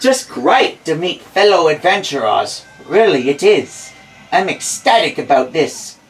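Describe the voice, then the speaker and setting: A man's voice: on the high side, very animated, unhurried, faint music behind, poor audio. A man doing a vain TV adventurer with put-on Australian accent. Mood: theatrical, sarcastic. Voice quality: theatrical announcer delivery, sarcastic asides. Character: boastful male TV adventurer host, vain, impatient. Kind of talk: reading game dialogue aloud.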